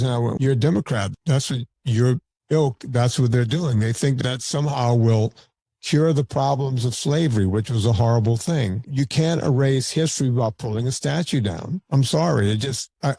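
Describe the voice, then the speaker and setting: A man's voice: medium pitch, dark tone, no echo. A man guesting on a podcast, talking in a blunt, argumentative way with frequent stammered restarts. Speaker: podcast guest, documentary filmmaker. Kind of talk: casual podcast conversation.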